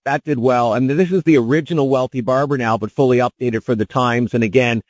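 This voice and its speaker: A man, an author appearing as a radio guest, explains his work with animated enthusiasm. His voice sits at a middle pitch. The sound is dry and dull, like a broadcast. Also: brisk, no room sound. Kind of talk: radio interview.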